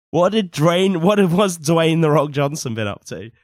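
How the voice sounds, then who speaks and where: A man with a cold co-hosting a podcast, chatting casually, laughing often and jumping in with quick reactions. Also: fairly high pitch, animated, a little mellow, dry recording, studio quality. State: has a cold. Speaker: podcast co-host. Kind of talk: casual chat about comics.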